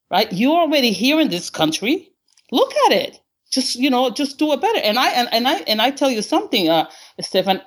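A woman calling in from Honduras, excitable and rambling, laughing often and acting out conversations. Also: a little high. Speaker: caller. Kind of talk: casual call-in conversation.

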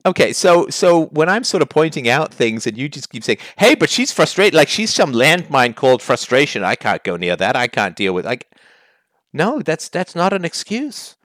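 A man's voice: medium pitch, very animated, normal speed, fairly bright tone, no room sound, clean studio sound. Blunt, heated man hosting a call-in. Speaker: call-in show host. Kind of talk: call-in advice show.

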